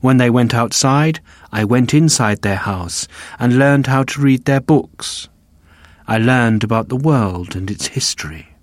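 A man slowly reading a simplified classic novel aloud for learners, including the page numbers, in an even, deliberate voice. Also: mid-range voice, no room sound. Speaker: audiobook narrator. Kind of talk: reading a graded reader aloud.

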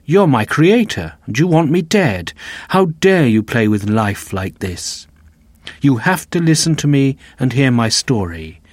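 A man's voice: mid-range voice, sing-song, no room sound. A man reading as a lonely, bitter creature. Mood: accusing. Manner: slow, plain, careful reading. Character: lonely, bitter male creature, hurt and accusing. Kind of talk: reading a graded reader aloud.

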